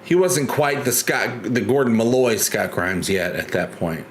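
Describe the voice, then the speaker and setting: Brief: male stream host, middle pitch, rambly chat, faint hiss behind. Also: unhurried. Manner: rambling, many restarts, chatty and joking. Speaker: livestream host. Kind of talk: casual live-stream chat.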